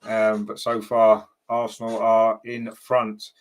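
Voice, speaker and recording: A man's voice: fairly low pitch, completely flat delivery, slow. A man hosting a fan watchalong, giving partisan match commentary and reading viewer comments aloud, chatty with lots of ums and tag questions.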